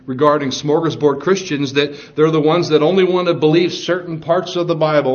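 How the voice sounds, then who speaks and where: A man's voice: a little high, steady tone, moderate pace, few pauses. Earnest male preacher, lo-fi sound. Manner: earnest, emphatic, with fillers and restarts. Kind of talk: sermon.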